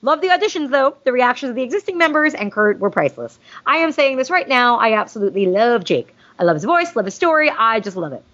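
A woman's voice: a little high, very animated, fast, hardly any pauses, a bit bright. A woman hosting a podcast, chatting casually and gushingly, with jokey asides. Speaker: podcast host reading listener mail. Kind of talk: casual fan chat. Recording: dull lo-fi sound.

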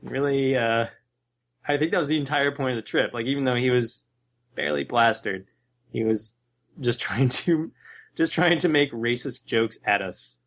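A man's voice: mid-range voice, normal speed, gravelly, a bit bright. A man co-hosting a casual podcast chat, telling laid-back stories and quoting people as he goes. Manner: laid-back storytelling with quoted voices.

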